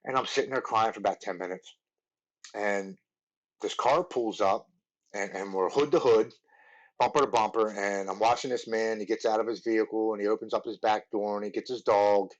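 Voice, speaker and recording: A man in his forties, a podcast guest, telling his recovery story in an earnest, halting way with many restarts. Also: lowish voice, fairly even intonation, dull audio. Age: 40s.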